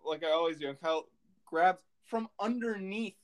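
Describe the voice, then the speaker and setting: A young man co-hosting a podcast, loud and boisterous, throwing out joking threats at his friends. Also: fairly high pitch, normal speed. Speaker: podcast co-host. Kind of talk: casual chat.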